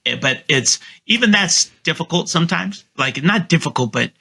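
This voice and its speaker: Gravelly, bright-toned confident man. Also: expressive, normal speed. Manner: confident, coaching tone, acts out his sales pitch. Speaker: guest real estate agent. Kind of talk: casual podcast interview over a call.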